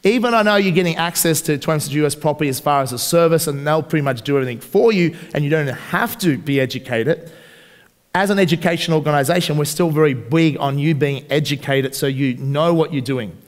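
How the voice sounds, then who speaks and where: Australian man, seminar presenter, fairly high voice, long hall echo, energetic, quizzes the crowd. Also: fairly quick. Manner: energetic, asks the audience questions. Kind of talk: live seminar talk to an audience. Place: large hall at a live seminar.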